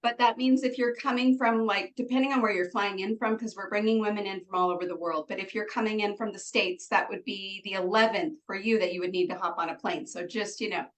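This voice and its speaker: On poor audio, a retreat organizer appears as a bubbly, talkative interview guest who giggles often and leans on "like" and "um." Her medium voice is fairly bright and steady, moving a little fast with few pauses.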